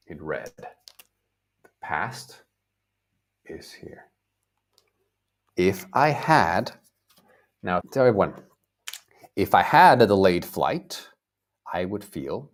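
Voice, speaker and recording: American guy teaching english live, low voice, real slow, repeats everything, lots of ups and downs. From United States. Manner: slow, clear teacher talk, repeating words and acting out feelings. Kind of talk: live online English lesson.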